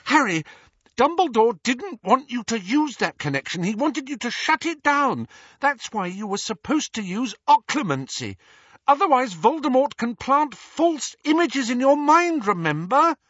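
Brief: high-strung teen witch girl, shrill and frightened; a male narrator doing the voice, muffled lo-fi sound. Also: very animated, a little slow, fairly bright tone, no room sound, exaggerated voice. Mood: shrill, anxious.

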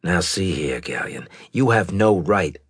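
A man's voice: deep voice, expressive, a little slow, husky, dry recording, clean studio sound, heavily acted. A man voicing a weary, dutiful male sergeant who speaks tiredly and deferentially. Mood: guarded.

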